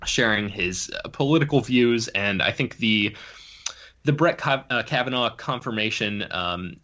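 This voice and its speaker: A man's voice: medium pitch, bright, forceful tone, dull audio. A man co-hosting a film podcast, explaining news at length with many fillers and restarts. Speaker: senior writer, podcast co-host. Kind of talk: casual podcast chat.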